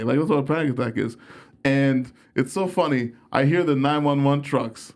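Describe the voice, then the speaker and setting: A man's voice: medium pitch, moderate pace. A young man, a comedian guest, telling stories in a casual, profane, self-mocking way. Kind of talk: casual storytelling.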